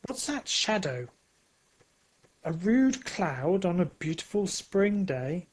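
A man voicing a frightened, stubborn old car in a storybook reading, with loud pleading cries. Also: sits high, sing-song, slow pace, heavily acted. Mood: fed up.

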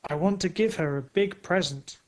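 A man's voice: sits high, moderate pace, lightly acted, rough recording. A man playing an earnest devoted father. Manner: earnest, eager.

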